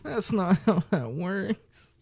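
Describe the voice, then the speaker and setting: A man's voice: sits high, expressive, takes it slowly, vocal fry, darkish tone, husky, no echo. A man reacting casually to a music list, muttering exasperated, profane comments with whispered asides.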